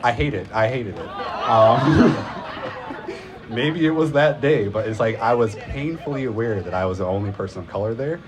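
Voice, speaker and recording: A man's voice: mid-range voice, expressive, moderate pace, crowd noise. A man casually telling a rambling personal story at a live event, full of filler words and profanity.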